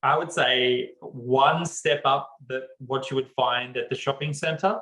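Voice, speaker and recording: A man, co-hosting a podcast and telling a story in an animated way, laughing often and acting out what people said. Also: mid-range voice, takes it slowly, roomy sound, rough recording. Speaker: podcast co-host. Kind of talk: casual storytelling chat.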